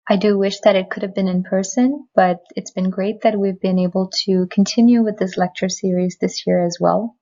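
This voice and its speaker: A woman physician delivers a prepared medical lecture in a measured, explanatory way. Her voice sits at a middling pitch. The recording sounds slightly dull and lo-fi. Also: fairly even intonation, warm tone. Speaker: physician giving a health lecture. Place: remote recording, not in person.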